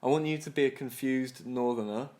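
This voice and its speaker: A young man in his twenties rambles through a story on a casual podcast, swearing freely and laughing as he goes. He slips into other people's voices to act out what they said, at a middle pitch. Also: a little fast, darkish tone. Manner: acts out other people's lines in his retelling. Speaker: podcast co-host.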